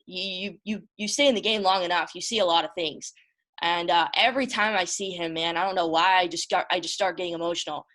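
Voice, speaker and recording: A woman's voice: lowish voice, fairly even intonation, fast, fairly bright tone. A woman hosting a casual motivational talk, emphatic and emotional, often repeating herself and calling her listeners y'all. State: emotional, close to tears. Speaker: motivational host.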